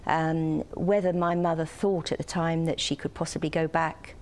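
Older woman, UK-raised, low voice, gentle and hesitant interview guest. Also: level tone, moderate pace. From United Kingdom. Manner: soft-spoken, hesitant with many ums.

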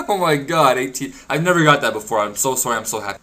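A young man narrating his gameplay with a bright, sharp tone. He is excitable and crude, swearing freely and laughing or whooping when things go his way. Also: mid-range voice, fast talker, few pauses, slight background noise. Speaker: gaming video creator. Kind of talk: casual gameplay commentary.

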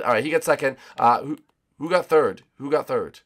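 A man hosting a gaming channel, rambling excitedly to viewers while racing. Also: medium pitch, brisk. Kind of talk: casual gameplay commentary.

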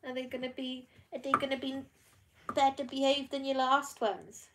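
A British woman filming a casual vlog at home, talking to her dogs in soothing baby talk that often drops to a hush. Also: high voice, level tone, normal speed, noisy background. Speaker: dog breeder filming her dog's labour. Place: at home indoors.

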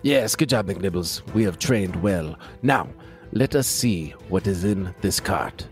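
A man's voice: low-pitched, animated, measured pace, soft background music, voice pushed down. A man voicing a bold, bumbling male monster hunter in a tabletop game, grandiose and jokey.

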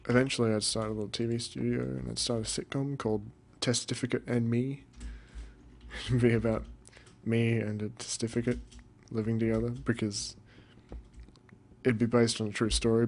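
A young man rambling through casual let's-play commentary, deadpan and cursing now and then. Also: medium pitch, fairly quick, vocal fry. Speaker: gamer.

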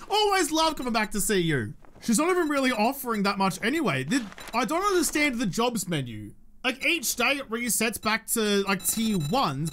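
A man with an Australian accent chats through a survival game, cracking jokes and talking to his companion as he plays. His voice is bright and forward, with faint ambient noise beneath it. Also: very high-pitched. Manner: jokey, chatty, talks to a game companion. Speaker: gaming YouTuber. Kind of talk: let's play commentary.

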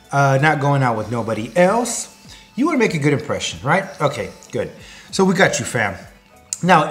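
A man pitching a food package in a rambling, jokey way, wandering off on tangents before coming back. His pitch sits a bit high and jumps around a lot. Soft music plays behind him. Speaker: food business promoter. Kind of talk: comedic promo talk to camera.

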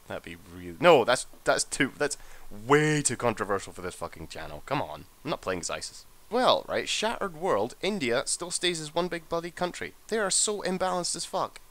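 Sweary, animated gamer man. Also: on the high side, a little fast. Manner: sweary, excitable, mutters to himself. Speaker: let's play gamer. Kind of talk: casual gameplay commentary.

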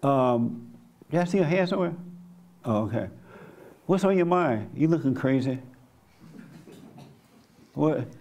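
Gravelly-voiced pastor, blunt and conversational. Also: male voice, medium pitch, lively intonation, a little slow, pauses often, a little mellow. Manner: blunt, conversational, colloquial, questions the congregation. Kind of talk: interactive church teaching. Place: church gathering.

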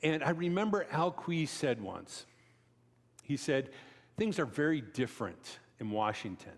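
A man's voice: big pitch swings, measured pace. A man giving a conversational sermon, telling stories with asides to the congregation and acting out quoted voices. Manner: storytelling, chatty asides to the congregation; acts out quoted voices with sharp pitch jumps. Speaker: preacher. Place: church sanctuary. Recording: long reverb of a church hall.

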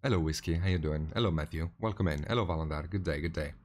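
A man hosting a casual live stream while painting miniatures, greeting viewers by name in a relaxed way with frequent restarts. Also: extremely low pitch, fast talker, soft background music.

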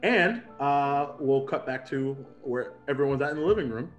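A man's voice: mid-range voice, animated, moderate pace, soft background music. A man narrating a tabletop game as dungeon master, loose and full of fillers.

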